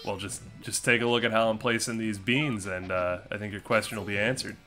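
A man's voice: lowish voice, steady tone, fairly quick, pushed and bright, faint music behind. Man trash-talking over gameplay. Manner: playful sarcastic trash talk. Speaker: gaming streamer. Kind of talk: casual gameplay commentary.

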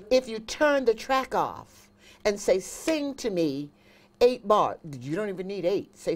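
A woman's voice: medium pitch, measured pace. A woman, a singer and vocal coach, chatting as an interview guest and telling stories with emphatic repetition. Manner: animated storyteller, emphatic repetition.

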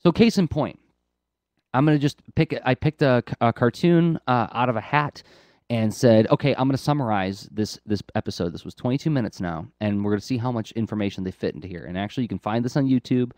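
A man's voice: mid-range voice, a little fast, darkish tone, no echo. A man co-hosting an art podcast, talking casually and enthusiastically with lots of fillers and restarts. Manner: enthusiastic, rambling, frequent fillers. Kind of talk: casual explaining chat. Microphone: close podcast mic.

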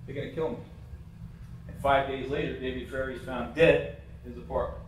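A man's voice: medium pitch, steady tone, fairly quick, a bit bright, slight background noise. A man giving a casual, blunt, opinionated talk as a presenter over a slideshow. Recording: echoey room, mic at a distance.

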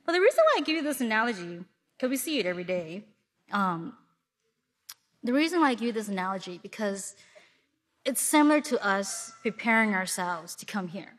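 A woman from Milwaukee giving a sermon to a congregation, telling stories in a lively way and acting out what people say. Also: mid-range voice, a little fast. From Milwaukee, Wisconsin. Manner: lively storytelling with acted-out asides. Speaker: congregation speaker.

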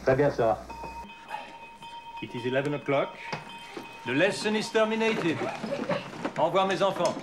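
A man's voice: a little high, expressive, moderate pace, long pauses, close to an everyday voice. A man playing a fussy schoolmaster. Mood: exasperated. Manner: fussy, theatrical, scolding. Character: fussy male French teacher, stern yet excitable. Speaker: French teacher. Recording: loud hiss of an old VHS tape.

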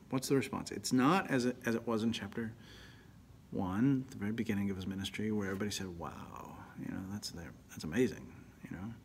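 A man, a priest, giving an animated, emphatic Bible teaching that often drops to a near whisper. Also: mid-range voice, husky.

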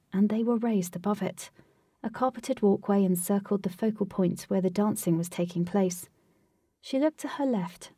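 A woman reading a storybook aloud as scripted narration, with a steady, even delivery. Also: medium pitch, slightly rough, no echo, distant mic. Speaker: audiobook reader. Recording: dry, voice set back from mic.

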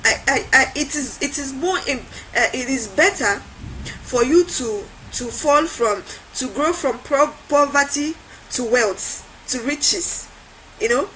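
A woman with a high voice delivers a motivational talk. She hammers each point through repetition and rising, preacher-like build-ups. A faint hiss sits under her voice. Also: animated, measured pace, sharp tone, rough recording. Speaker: motivational speaker.

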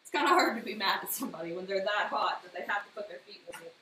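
Racing along in a mid-range voice, a woman streams herself baking at home, telling viewers lively personal stories between instructions in a chatty manner. Her kitchen is echoey, with faint noise in the background.

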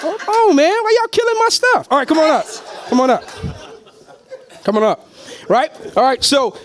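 A man giving an energetic sales pitch to a live audience, calling out to the crowd and laughing often. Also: normal speed. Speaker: motivational speaker at a business opportunity meeting. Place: meeting room with a live audience.

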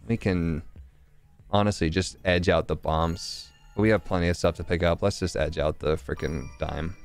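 A man streaming a video game live, making jokes, thanking viewers and reacting loudly to the game. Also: lowish voice, clear, resonant tone. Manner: jokey, animated, chatting with viewers. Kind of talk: casual live game commentary.

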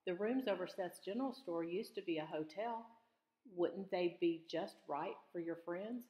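A woman's voice: fairly low pitch, moderate pace, close to an everyday voice. A woman voicing an eager young girl who cries out her ideas, in a children's storybook, in an echoey room. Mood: excited. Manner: crying out with excitement. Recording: echoey room with long reverb.

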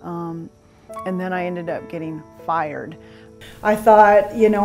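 A woman around sixty giving an earnest first-person account in an interview, acting out quoted dialogue and often pausing with fillers and restarts. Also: medium pitch, flat delivery, dark tone, soft background music. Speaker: interview guest. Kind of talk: personal testimony in conversation.

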